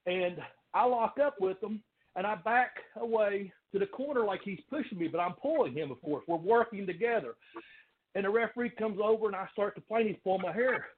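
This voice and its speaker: A man telling animated wrestling stories in casual chat, laughing often. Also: high voice, brisk, husky. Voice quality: country accent. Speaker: guest, former pro wrestler. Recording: phone-like line with faint noise.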